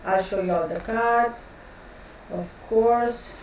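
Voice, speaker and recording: A woman's voice: fairly high pitch, takes it slowly, a little mellow. A woman, chatting casually and rambling as she hosts a live tarot stream and greets viewers by name. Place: home room with a fan running. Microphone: distant mic, noticeable echo. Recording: very echoey room, voice far from mic, faint fan noise.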